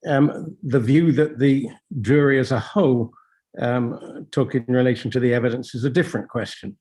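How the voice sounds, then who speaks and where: A man's voice: mid-range voice, steady tone, moderate pace, mellow. A male appeal judge questioning counsel in court, probing and skeptical, pressing on points with pointed questions.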